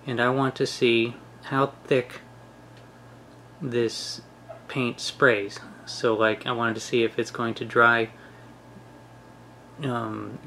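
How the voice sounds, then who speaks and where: A man casually explaining a product test as a hobbyist, relaxed, with many pauses and restarts. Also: mid-range voice, a little hiss or hum. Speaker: hobbyist reviewer. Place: home shed.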